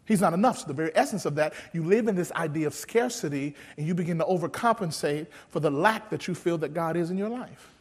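A man preaching a sermon in church, swinging from hushed, quiet lines to shouted appeals. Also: on the high side, fast talker, hardly any pauses, slight background noise. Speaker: pastor.

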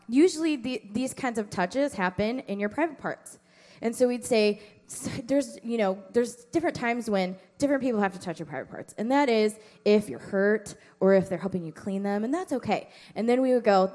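A middle-aged woman speaking casually to a group of parents, telling stories and acting out children's loud, high replies. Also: lively intonation, fairly quick, big-room sound. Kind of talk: informal talk to a parent group.

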